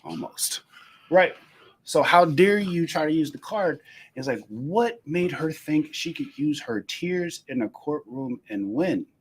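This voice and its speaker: A man's voice: on the high side, measured pace, breathy edge. A man co-hosting an internet radio talk show, telling stories with lots of acted-out dialogue and laughter. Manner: animated storytelling, acts out dialogue, laughs often. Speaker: co-host. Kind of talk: casual talk-show banter.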